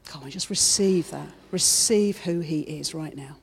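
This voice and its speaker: A woman's voice: sits low, measured pace, vocal fry, slightly rough. A woman preaching a sermon in church, fervent and repeating her phrases as she builds.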